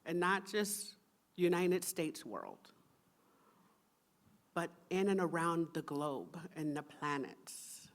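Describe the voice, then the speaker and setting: Slow, soft-spoken woman minister. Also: lowish voice, lively intonation. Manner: slow, soft, meditative delivery with playful asides. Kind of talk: sermon. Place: church sanctuary with congregation.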